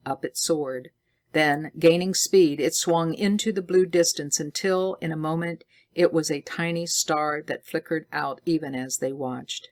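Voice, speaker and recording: A woman reading a science fiction story aloud slowly and deliberately for English learners. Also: low voice.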